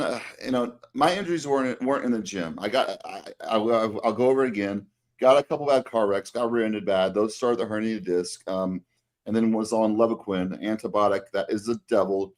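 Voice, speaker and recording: Middle-aged guy w a low voice, coach on a podcast, rambles and restarts a lot. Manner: rambling, many restarts and fillers. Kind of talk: casual chat.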